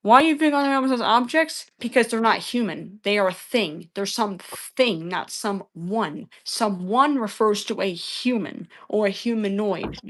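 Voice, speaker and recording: A woman arguing with a live chat, combative and exasperated, swearing often and repeating her phrases. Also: mid-range voice. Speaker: livestream debater. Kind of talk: heated livestream argument with chat.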